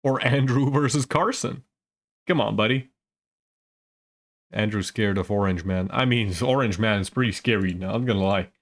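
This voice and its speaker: A man's voice: on the low side, moderate pace, pauses often. A man doing casual live esports commentary, chatty and rambling, teasing the chat between plays.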